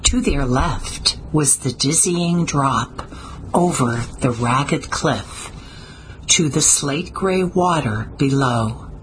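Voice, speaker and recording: A woman narrating a story in a steady, measured way, with small slips now and then. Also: rumbling low, slight background noise, poor audio. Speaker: audiobook narrator. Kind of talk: scripted narration.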